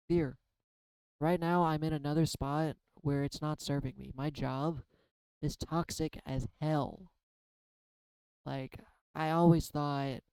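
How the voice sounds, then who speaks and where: A man's voice: a little high, darkish tone, clear, resonant tone, dry recording, rough recording. A man rambling through a spiritual card reading in a casual, confessional vlog, often self-deprecating. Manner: tearful at times. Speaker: tarot card reader.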